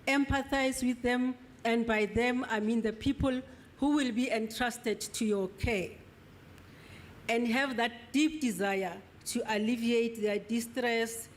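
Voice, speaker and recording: A woman's voice: fairly high pitch, a little hiss or hum. A middle-aged woman giving an earnest, emphatic motivational address to graduates at a ceremony. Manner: earnest, emphatic, acts out quoted voices. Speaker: speaker at an oath-taking ceremony. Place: ceremony hall.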